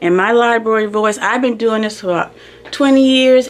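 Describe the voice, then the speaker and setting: A woman with a voice on the high side talks at normal speed as a school librarian vlogging into her handheld phone camera. Her casual chat wanders, chatty and self-interrupting.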